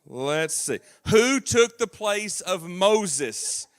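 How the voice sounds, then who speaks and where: A man's voice: sits high, animated, very slow. A man with a Southern US accent, a Bible class teacher patiently quizzing and prompting children during a church service. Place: church auditorium.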